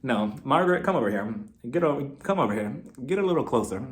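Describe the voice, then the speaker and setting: A man giving a casual, gossipy recap of a reality TV episode, animated and often laughing. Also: medium pitch, fast talker. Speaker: TV show reviewer.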